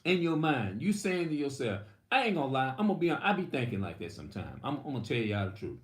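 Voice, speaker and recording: A man's voice: mid-range voice, big pitch swings, fast, roomy sound. A man preaching in a rambling, heated, profane monologue. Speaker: religious video host.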